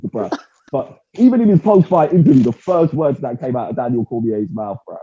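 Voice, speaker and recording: A man, chatting about fights in a loose, slangy and animated way. His voice sounds a little husky. The audio is narrow and tinny, like a phone line. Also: mid-range voice, normal speed. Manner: slangy, animated, peppers speech with "bruv". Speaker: podcast co-host. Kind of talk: casual fight-talk chat.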